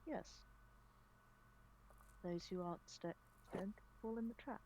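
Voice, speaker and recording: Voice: mid-range voice, slow pace, a little mellow, slight background noise, low-quality recording. A player in a tabletop game, hesitantly working out a plan aloud.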